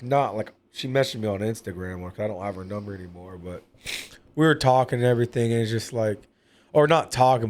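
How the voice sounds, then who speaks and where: A man's voice: lowish voice, a little mellow. A man talking openly as a podcast guest, rambling and full of fillers. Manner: rambling, filler-heavy, candid. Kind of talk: casual personal talk.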